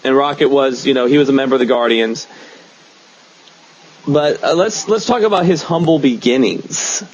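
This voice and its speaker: A man's voice: medium pitch, moderate pace. A man hosting a casual comic-book podcast, rambling enthusiastically with many fillers. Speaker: podcast host. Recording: dull lo-fi podcast recording.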